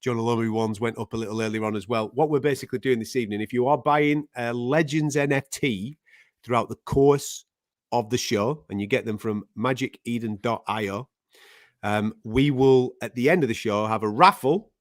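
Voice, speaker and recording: A man's voice: medium pitch, normal speed, no echo, clean studio sound. A man with a Mancunian accent hosting a live show, talking in casual, laddish banter. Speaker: host.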